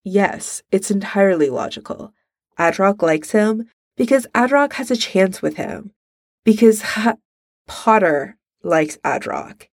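A woman's voice: mid-range voice, expressive, measured pace, no echo, clean studio sound. A woman voicing a haughty young man who drawls and sneers, in a fan fiction reading. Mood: scornful. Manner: drawling, clipped and scornful. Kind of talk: fan fiction read aloud.

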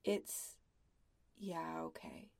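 A woman voicing a shy, hushed young man. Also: low-pitched, huge pitch swings, drawn-out words, gravelly, voice pushed down, full character voice. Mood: insecure. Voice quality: hushed, half-whispered. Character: shy, insecure young male bassist.

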